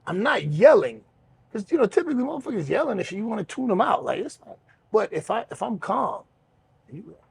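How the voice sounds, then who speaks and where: Gravelly-voiced man telling wrestling stories. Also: sits high, fast. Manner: relaxed, rambling, swears freely, many fillers. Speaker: podcast host and pro wrestler. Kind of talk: casual storytelling chat.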